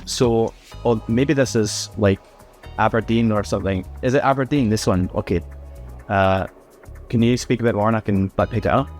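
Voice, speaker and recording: Slow, playful man with a low voice. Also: darkish tone, soft background music. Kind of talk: casual chat.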